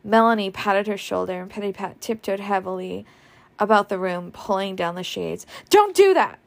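A woman reading a novel aloud, expressive and changing her voice for the characters. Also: medium pitch, normal speed, gravelly. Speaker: audiobook reader.

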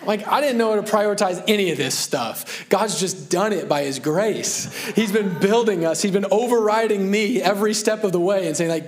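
A man's voice: high-pitched, lively intonation, normal speed, hardly any pauses. A man in his thirties preaching a sermon as pastor, earnest and conversational, with self-deprecating asides.

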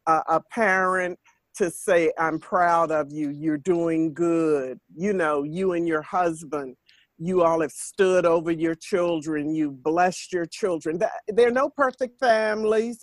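Older lady doing a faith podcast, slow and earnest, kinda preachy repetition, dry close sound. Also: on the low side, no echo. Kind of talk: spiritual talk monologue.

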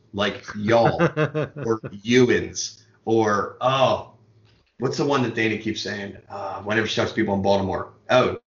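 A man from Maryland telling long stories in a casual chat, full of quick asides. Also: medium pitch, fairly bright tone. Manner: rambling storyteller, quick asides. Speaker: podcast co-host. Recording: roomy, dull lo-fi sound.

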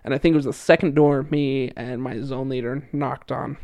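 A man's voice: medium pitch, steady tone, moderate pace, hardly any pauses, darkish tone, dry recording. A young man casually telling a story as a podcast guest, chatty with lots of fillers and frequent laughs. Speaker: podcast guest, returned missionary.

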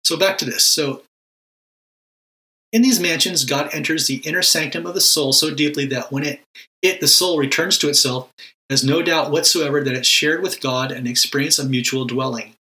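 A man's voice: fairly high pitch, normal speed, bright, forceful tone, low-quality recording. A man giving a casual, emphatic talk on prayer, often repeating words and asking rhetorical questions. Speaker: Christian teacher on prayer. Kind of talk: casual spoken teaching.

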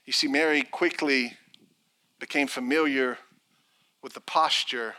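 A man's voice: mid-range voice, measured pace. A middle-aged man preaching a sermon as pastor, telling stories and acting out the people in them. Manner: animated storytelling preacher, acts out quotes.

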